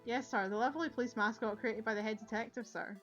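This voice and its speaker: A woman with a Scottish accent voicing an eager, dim young male police officer who ends nearly every line with "sir", loud and earnest, reading game dialogue aloud. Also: fairly high pitch, fast talker, highs cut off, faint music behind, natural voice.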